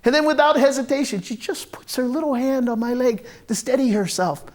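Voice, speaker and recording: A man's voice: very high voice, animated, brisk. A man performing an autobiographical one-man stage monologue, wry, confessional and blunt, with frequent profanity. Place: theatre stage.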